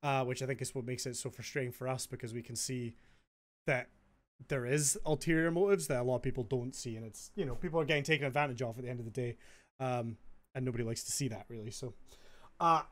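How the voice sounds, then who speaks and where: A man hosting a podcast in casual chat, chatty and quick to laugh as he retells stories. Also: medium pitch. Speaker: podcast host.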